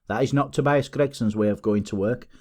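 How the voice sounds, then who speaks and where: A man voicing a pompous, boastful male police detective in an audiobook, talking in excited, self-satisfied bluster. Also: mid-range voice, brisk, close to an everyday voice.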